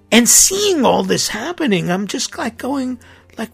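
Gravelly, husky-voiced priest, impassioned. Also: male voice, very high-pitched, sing-song, a little slow, a bit bright, faint music behind. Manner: earnest and indignant, emphatic. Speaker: priest and podcast host. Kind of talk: impassioned podcast monologue.

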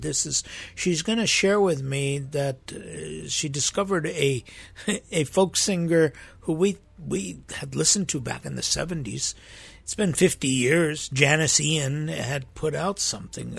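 A man's voice: fairly high pitch, creaky, a bit bright, breathy edge, no room sound. A man hosting a weekly faith program, talking reflectively and searching for his words with frequent restarts. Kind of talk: reflective spoken talk.

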